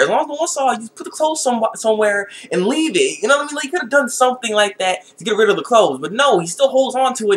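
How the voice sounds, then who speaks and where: A man reviewing an anime episode in a casual vlog, excitable and laughing, and often repeating his words. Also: very high voice.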